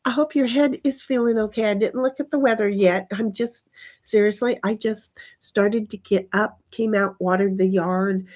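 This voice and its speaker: A woman's voice: mid-range voice, steady tone, moderate pace, darkish tone. A woman chatting on a live stream from her backyard, reading out her chat and rambling with lots of restarts and casual swearing. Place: backyard outdoors.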